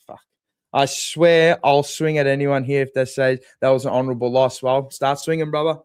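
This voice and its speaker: A man's voice: medium pitch, fairly even intonation, normal speed, smooth, dry recording, clean studio sound. An Australian man hosting a live post-game fan stream, reading chat and bringing in callers with blunt, profane, sarcastic banter. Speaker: fan channel host.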